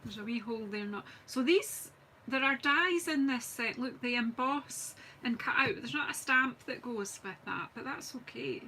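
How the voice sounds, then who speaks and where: A woman's voice: on the high side, normal speed, bright, forceful tone, a little hiss or hum, poor audio. A Scottish woman chatting casually and thinking aloud as she demonstrates card making on a live stream. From Scotland. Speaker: craft demonstrator. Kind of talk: live craft stream chat.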